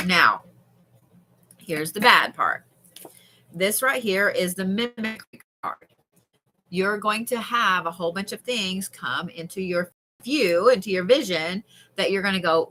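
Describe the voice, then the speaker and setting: A woman's voice: medium pitch, expressive, a little slow, pauses often, pushed and bright, slight background noise. A woman, doing live card readings and chatting candidly with viewers, swearing casually. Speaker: tarot card reader on a livestream.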